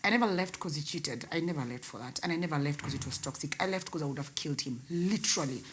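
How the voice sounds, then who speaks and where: A young woman telling her painful personal story in an interview, her voice swinging between loud outbursts and hushed words. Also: low voice, fast talker, a little hiss or hum. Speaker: guest, radio host.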